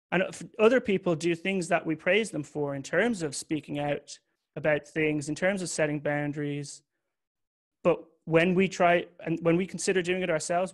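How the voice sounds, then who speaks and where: Candid man giving a talk. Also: high voice. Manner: candid and confessional, swears casually. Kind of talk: personal talk to an audience.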